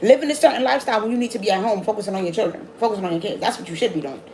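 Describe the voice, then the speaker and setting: Woman tarot reader, quick, blunt and scolding, swears and repeats lines, faint hum behind. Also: medium pitch, darkish tone, poor audio. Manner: repeats herself, quick restarts. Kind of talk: casual tarot reading.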